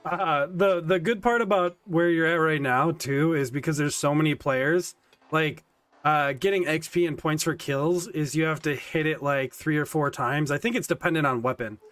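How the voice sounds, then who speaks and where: A man's voice: fairly high pitch, moderate pace, a bit bright, dry recording, faint music behind. Sure-voiced man explaining game rules. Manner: confident, explains game mechanics. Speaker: gamer in a voice chat. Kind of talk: casual gaming chat.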